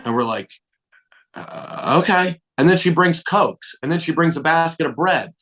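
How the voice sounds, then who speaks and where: A middle-aged male comedian, appearing as a guest, tells stories in casual chat, acting out dialogue and swearing lightly. His voice is a little high, animated and fairly bright, and he speaks a little fast.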